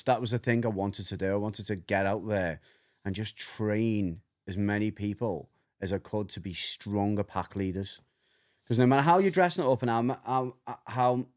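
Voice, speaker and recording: A man's voice: mid-range voice, a little mellow. A middle-aged man, co-hosting a podcast in casual, rambling chat, repeating himself and laughing often. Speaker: podcast co-host, dog trainer.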